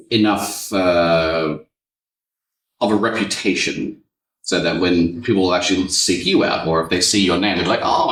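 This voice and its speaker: Low-voiced man, echoey room. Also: recorded from a distance. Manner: relaxed, rambling storyteller. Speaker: podcast host and voice actor. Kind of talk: casual podcast chat. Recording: echoey room, a bit off-mic.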